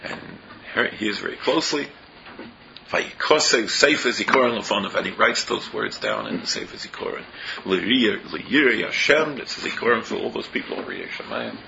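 A man with a lowish, creaky voice teaches a Torah class, unpacking verses and often posing rhetorical questions. His English is sprinkled with Hebrew and Yiddish terms, and the dull lo-fi recording carries faint noise.

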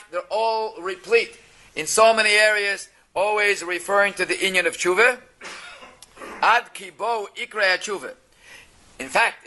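Man, Torah teacher, high bright voice, reads and translates texts, rhetorical questions. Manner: reads Hebrew phrases then translates into English; explanatory, asks rhetorical questions. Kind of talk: text-based religious class.

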